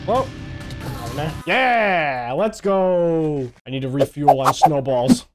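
A young man giving excitable commentary while playing a video game, taunting enemies and yelling in panic. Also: a little high, a little slow, over music. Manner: excitable, yells and taunts mobs. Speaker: gaming YouTuber. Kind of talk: gaming commentary.

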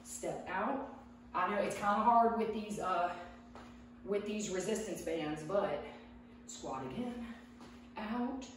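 A woman's voice: medium pitch, slight background noise. Breathless woman, casual workout coaching, chatty, very echoey room, mic at a distance. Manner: chatty, talks while exercising. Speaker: fitness vlogger. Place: home room.

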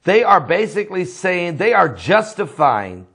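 A man who is a preacher, delivering impassioned commentary full of repeated rhetorical questions and sometimes rising to a shout. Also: sits high, very animated, unhurried, vocal fry, breathy edge. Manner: fiery, rhetorical questions, repetitive.

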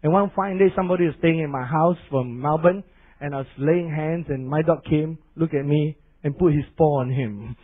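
A middle-aged male pastor preaching an animated sermon, now and then imitating barking dogs. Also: a little high, normal speed. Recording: tinny phone-like lo-fi sound.

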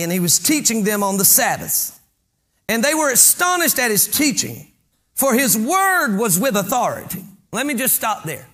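A man preaching a sermon as pastor. He reads scripture aloud, stops to explain it, and builds to fervent shouts on key points. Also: sits high.

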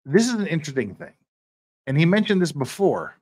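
A man's voice: a little high, big pitch swings, fairly quick, darkish tone, dry recording, clean studio sound. A man commenting casually on a historic courtroom speech, explaining each argument with emphatic, restart-filled delivery. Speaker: legal commentator.

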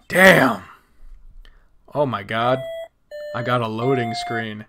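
A young man commentating a let's play, excitable and foul-mouthed, shouting at the screen whenever the game beats him. His voice is bright and slightly high, and his usual pace is slow and drawn out. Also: soft background music. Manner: excitable, cursing, yells at the game. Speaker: gaming video host.

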